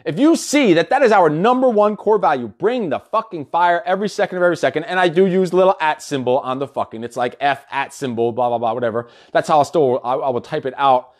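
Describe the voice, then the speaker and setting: A man's voice: a little high, fast talker, few pauses. A man giving a blunt, heavily profane motivational monologue as a business and fitness coach. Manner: blunt and heavily profane, with sudden loud emphatic peaks.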